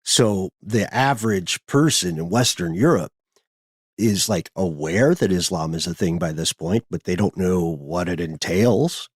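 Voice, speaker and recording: Low-voiced male podcast host. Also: breathy edge, dry recording, studio quality. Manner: conversational, explanatory, thinking aloud. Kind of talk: podcast conversation.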